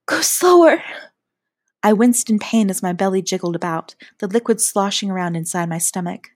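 A woman narrating a first-person adult audio story in a soft, often half-whispered delivery. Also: medium pitch, fairly even intonation, a little fast, dry recording, clean studio sound.

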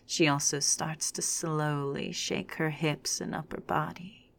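Woman reading a story half whispered, deep voice with lots of vocal fry. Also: fairly even intonation. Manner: hushed, unhurried reading. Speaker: narrator. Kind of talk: whispered second-person adult storytelling.

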